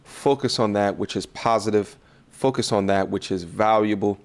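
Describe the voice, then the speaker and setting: Man, low voice, measured motivational closing address. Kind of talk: motivational sign-off.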